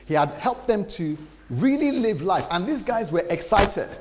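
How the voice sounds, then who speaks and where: Man, pastor, conversational sermon, slightly high voice, long hall reverb, faint background noise. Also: sing-song, normal speed. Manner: conversational preaching with acted-out quotes.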